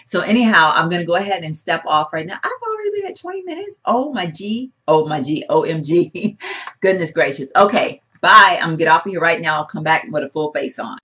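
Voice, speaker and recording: Woman beauty vlogger, casual rambling delivery, animated and chatty. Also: lowish voice, fairly quick. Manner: chatty, rambling, animated, talks with her hands. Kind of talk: casual product-testing vlog.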